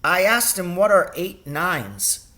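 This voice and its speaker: A man reading aloud, voicing a frightened young schoolboy who pleads softly. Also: high-pitched, big pitch swings, takes it slowly, voice pushed up, heavily acted. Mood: pleading. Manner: pleading, soft.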